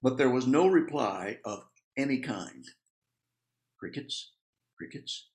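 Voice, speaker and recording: Animated, chuckling male preacher. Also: mid-range voice, measured pace. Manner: animated, playful, chuckling at the humor in the text. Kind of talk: sermon with scripture reading.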